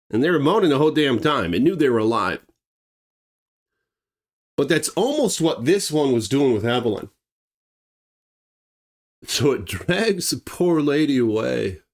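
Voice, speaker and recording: A man's voice: fairly high pitch, very animated, measured pace, pauses often. A man telling a true wildlife attack story in a blunt, emphatic, conversational way. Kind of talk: dramatic true-story narration.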